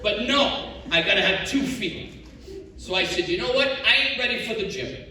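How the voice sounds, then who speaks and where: Animated middle-aged comedian, echoey room. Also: male voice, high voice, normal speed. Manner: animated storyteller acting out dialogue. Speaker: stand-up comedian. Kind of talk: stand-up comedy set. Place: comedy show stage. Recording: echoey live room from far off, noisy. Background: audience laughter.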